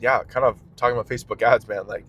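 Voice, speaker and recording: Man, casual vlog rant from a car, filler-heavy, rambling, tangent after tangent, small business owner, mid-pitched voice. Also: steady tone, quick pace, dull audio. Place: in a car while driving.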